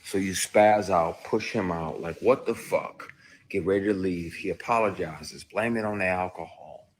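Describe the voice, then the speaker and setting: A very low-voiced man speaking in a candid personal monologue. He tells his story bluntly and rawly, cursing freely, dropping to quiet brooding and then rising into loud bursts. A faint hiss of noise sits under his voice. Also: normal speed. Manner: shifts between quiet brooding and loud outbursts. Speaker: actor recounting his experience.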